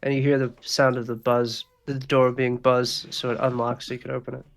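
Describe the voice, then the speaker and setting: A man's voice: mid-range voice, level tone, fairly quick, gravelly. Casual man narrating as dungeon master. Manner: loose, casual narration full of fillers. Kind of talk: narrating a tabletop game.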